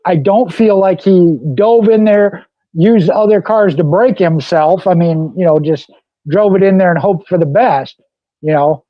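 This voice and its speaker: A man's voice: sits high, measured pace, dry recording, dull audio. A man co-hosting a casual racing talk show, rambling with "like I said" and "you know". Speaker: co-host.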